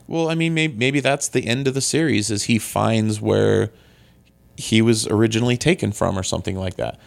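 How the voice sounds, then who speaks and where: A man's voice: lowish voice, moderate pace, gravelly. A man co-hosting a podcast, chatting casually and speculating in an easygoing, jokey way. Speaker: podcast co-host. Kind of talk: casual chat.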